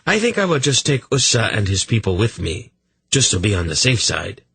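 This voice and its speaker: A man's voice: fairly low pitch, very animated, brisk, vocal fry, a bit bright, breathy edge, no room sound, pitched above the performer's own voice, full character voice. A man voicing a nervous, sly small king with a rat-like face, who talks hastily to placate and then asserts himself stiffly. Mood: haughty. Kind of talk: audiobook character voice.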